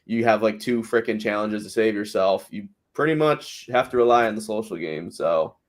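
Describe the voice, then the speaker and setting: A man's voice: lowish voice, normal speed. A man hosting a podcast, chatting casually about a reality show with fillers and frequent laughs. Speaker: podcast host. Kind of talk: casual recap chat.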